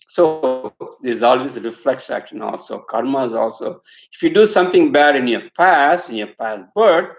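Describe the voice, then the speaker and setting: A man's voice: mid-range voice, creaky. A man giving a spiritual satsang talk, telling a story and acting out the quotes. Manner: storytelling, acts out quotes, rhetorical asides. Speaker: spiritual teacher. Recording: echoey room, slightly dull sound.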